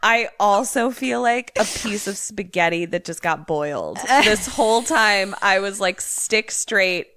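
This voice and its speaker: A woman's voice: medium pitch, measured pace, hardly any pauses, a bit bright, no echo, studio quality. A woman co-hosting a podcast who reacts to a story in casual chat, sounding exasperated and swearing. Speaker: podcast co-host.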